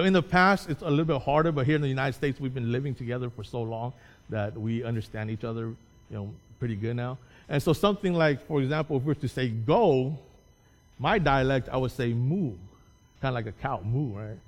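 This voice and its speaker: Male pastor, mellow, patient explainer, restarts words, recorded with a hall's long echo. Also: medium pitch. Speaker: Hmong pastor speaking to a church. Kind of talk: informal church talk. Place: church hall. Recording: long echo of a large hall.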